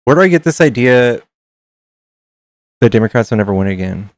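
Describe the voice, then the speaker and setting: A male streamer talks loosely with his chat, reading passages aloud and reacting with frequent swearing. His voice sits at an ordinary middle pitch. The close mic sounds dry, with no room around it. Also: lively intonation, brisk, no room sound. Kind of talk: casual livestream chat.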